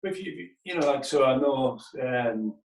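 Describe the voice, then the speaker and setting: A man hosting a casual chat, halting and restarting often as he talks. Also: medium pitch, gravelly, a little hiss or hum. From Newcastle. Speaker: host, record shop worker. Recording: echoey room, distant mic.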